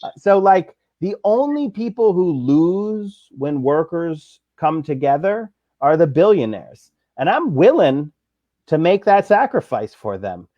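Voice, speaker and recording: A man's voice: a little high, sing-song, a little slow, no room sound. A man from Pittsburgh, a labor reporter on a political talk show, speaking with passion and sarcasm, with many fillers and restarts. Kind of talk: casual political chat. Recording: dull, lo-fi dry sound.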